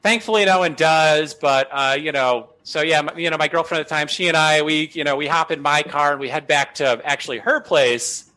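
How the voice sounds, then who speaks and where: A man's voice: fairly high pitch, a little fast, few pauses, pushed and bright, rough recording. A man, a guest comedian, telling a story casually with lots of "you know" and "uh" fillers.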